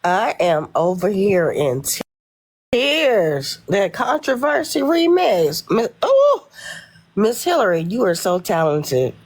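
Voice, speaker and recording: Female caller, stuffy and congested, gushing; very lively pitch. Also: slow pace. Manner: gushing, emphatic praise. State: congested from sinuses.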